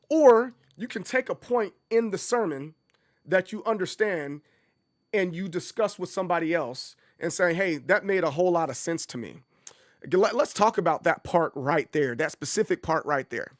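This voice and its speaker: A man hosting a casual livestream speaks in a high voice at a normal pace, with clean studio sound and no echo. He's animated and rambling, looping back to repeat his points.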